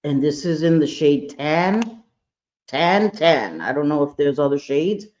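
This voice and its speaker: A woman with a warm, mellow voice talks through her makeup routine in a relaxed, chatty way. She is candid and playful and throws in sassy little asides. The sound is a bit dull and lo-fi, like a home recording. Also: low-pitched, measured pace. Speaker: makeup vlogger. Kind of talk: casual makeup tutorial chat.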